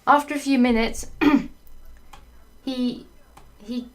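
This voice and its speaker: A woman giving a comedic read-through of a story, stopping for sarcastic, sweary comments and bursts of laughter. Her voice sits a bit high, and she takes her time, drawing words out slowly. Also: steady tone. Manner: clears her throat often. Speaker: fanfiction reader. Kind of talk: comedic dramatic reading.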